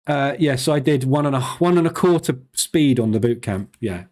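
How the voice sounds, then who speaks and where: Fast-talking man hosting a live stream. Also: medium pitch, animated, a little mellow. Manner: fast-talking, chatty and loose, with many fillers. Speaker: live-stream trading host.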